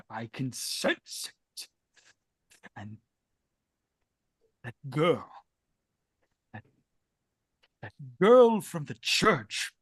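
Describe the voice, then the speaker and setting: A man voicing a troubled noble investigator close to breaking, speaking formally and earnestly, often sinking to a hushed whisper. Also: mid-range voice, husky, no echo, exaggerated voice.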